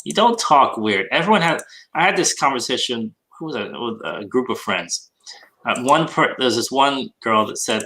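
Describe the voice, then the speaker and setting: A man's voice: medium pitch, expressive, normal speed, bright, forceful tone, low-quality recording. A man hosting a podcast, chatting casually and asking curious questions about accents. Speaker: podcast host. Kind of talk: casual chat.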